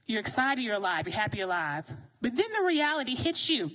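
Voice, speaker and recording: A woman preaching a sermon in a lively, conversational way, often asking the congregation questions. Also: on the high side, fast talker.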